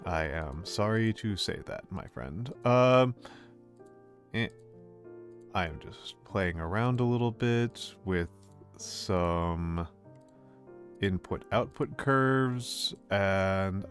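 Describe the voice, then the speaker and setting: Speaking slowly and pausing often, a lower-voiced man runs a casual VTuber live stream and talks to viewers as they arrive. His talk meanders and restarts, echoing his own lines in a gently playful way, with faint music playing softly in the background.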